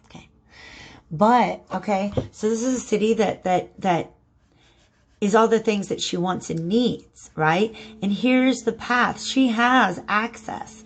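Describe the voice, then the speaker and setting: Woman doing a chatty tarot reading, gravelly fry in her voice, keeps saying okay. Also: medium pitch, takes it slowly, slight background noise. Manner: chatty, repeats words, checks in with "okay?". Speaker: tarot reader. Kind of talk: casual spoken tarot reading.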